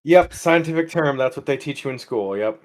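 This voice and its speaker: A man's voice: mid-range voice, lively intonation, brisk. A man co-hosting a podcast in a laid-back casual chat, with dry sarcasm. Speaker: podcast co-host.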